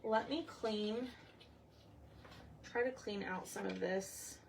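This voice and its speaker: Slow and mid-pitched with vocal fry, this craft livestream host talks through her project over a faint hiss or hum. She greets viewers by name, muses aloud, and often lets her sentences drift off.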